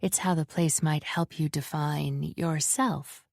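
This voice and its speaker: A sharp, teasing young captive: low, unhurried, dry close read. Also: female voice, fairly even intonation, gravelly, no room sound. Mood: curious, teasing. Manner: curious, probing questions. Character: perceptive, gently teasing young woman prisoner.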